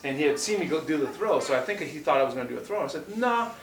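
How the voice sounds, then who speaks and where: A man casually telling a martial arts story, animated and full of restarts, acting out what people said. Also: on the high side, racing. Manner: animated, acts out quotes loudly, many restarts. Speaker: martial arts instructor co-host. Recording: roomy echo, distant from mic.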